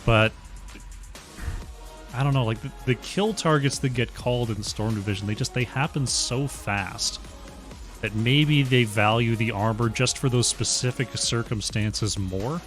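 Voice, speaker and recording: Measured male esports play-by-play caster. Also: mid-range voice, faint music behind. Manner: measured, trailing off quietly at sentence ends.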